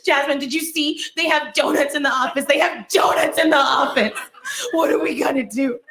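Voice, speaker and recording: A woman voicing a young woman office coworker who panics easily and sounds close to tears, through loud background noise. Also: moderate pace, reverberant. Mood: panicked. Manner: frantic, high-pitched, near tears.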